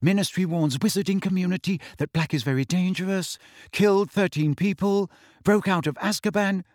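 A man voicing a clever, anxious teenage schoolgirl witch in a raised, hushed, urgent voice in a storybook reading. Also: high voice, moderate pace, no room sound, clean studio sound, pitched above the performer's own voice, close to an everyday voice.

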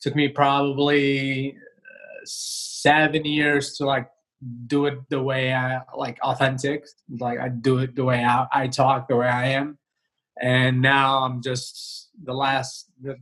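A male comedian talking casually in an interview over a video call, relaxed and rambling with many fillers and restarts. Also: mid-range voice, a little slow, low-quality recording. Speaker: comedian guest. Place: home, remote video call.

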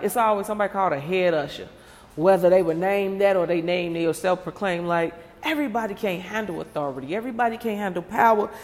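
A woman vents playfully to her audience, piling up rhetorical questions and breaking into laughter along the way. Her voice sits in the middle of the range and carries a long, lingering reverb, as if she is in a large hard-walled space. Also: medium pitch. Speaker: vlogger. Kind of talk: casual comedic rant to viewers.

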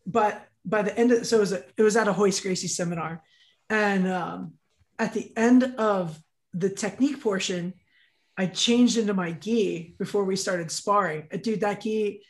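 A man co-hosting a podcast, caught up in telling a story. He talks casually and with excitement, throwing in "dude" as he goes. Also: high-pitched. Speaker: podcast co-host.

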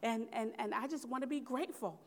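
A woman's voice: fairly high pitch, a little fast. A woman preaching a sermon in an earnest, conversational way, asking the congregation questions as she goes. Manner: earnest, conversational preaching with call-and-response asides.

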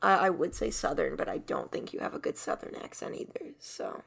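A young woman in casual improv chat, playful and bossy about setting up scenes, with a gravelly, husky voice. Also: on the low side, wildly swooping pitch, fairly quick, fairly bright tone. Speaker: improv player.

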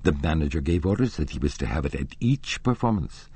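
A man's voice: extremely low pitch, big pitch swings, a little fast, dark tone, husky, exaggerated voice. A man voicing an indignant elderly female opera box-keeper, haughty and insistent, in an audiobook reading. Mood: confiding. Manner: haughty, insistent, gossipy storytelling.

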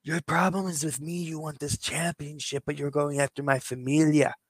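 Man putting on a wrestling champ, indignant, raised pitch, earnest, dry close mic. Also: fairly even intonation, normal speed, husky, no echo.

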